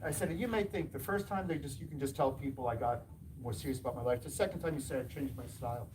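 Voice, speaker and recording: A man who runs a martial arts school tells animated anecdotes to an audience, acting out the dialogue and laughing along. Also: medium pitch, fast, far from the mic, background noise. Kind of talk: storytelling talk to an audience.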